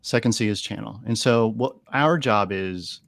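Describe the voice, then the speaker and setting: A man's voice: lowish voice, normal speed, gravelly, fairly bright tone, no room sound, clean studio sound. A man talking earnestly on a podcast, telling stories and often repeating words as he gathers his thoughts. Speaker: animal communicator guest. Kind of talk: storytelling interview talk. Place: podcast studio.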